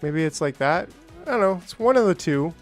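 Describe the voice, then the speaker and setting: A man talks through a factory-building game in a loose, chatty way, answering viewers and wandering into asides. His voice sits a little high for a man, and he sometimes jumps into playful, exaggerated greetings. Faint music runs underneath. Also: expressive, a little fast. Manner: chatty, reads out and answers chat, rambling asides. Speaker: gaming streamer. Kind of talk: casual gameplay commentary.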